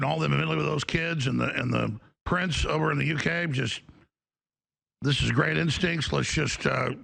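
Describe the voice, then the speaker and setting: A male guest in a casual political chat. His voice is heavily gravelly, with a bright, tense edge and a slightly high pitch. He rambles, dropping and restarting his sentences.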